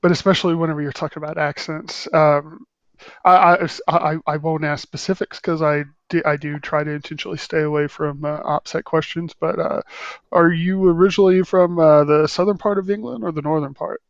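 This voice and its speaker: Casting: male host, higher voice, gravelly, hesitant and stammery. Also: fairly even intonation, fairly quick, dry recording, dull audio. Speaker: interviewer, host. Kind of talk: casual interview.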